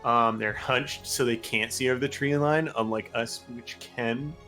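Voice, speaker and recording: A man's voice: mid-range voice, steady tone, measured pace, sharp tone, faint music behind. A man casually recapping a tabletop game session for his group, rambling with many fillers. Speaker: player recapping the last session.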